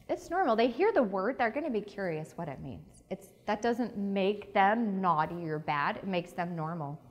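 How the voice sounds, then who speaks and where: A woman's voice: mid-range voice, a bit bright. A woman presenting at a conference, talking frankly and chatty, with jokes, as a psychology teacher. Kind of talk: candid conference talk. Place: conference breakout room.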